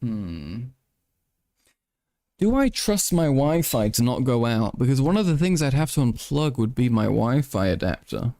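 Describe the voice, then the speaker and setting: A man hosting a live stream in casual chat, playful and crude, jumping into sudden high-pitched exclamations. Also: sing-song, measured pace, mellow, no echo, studio quality. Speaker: livestream host.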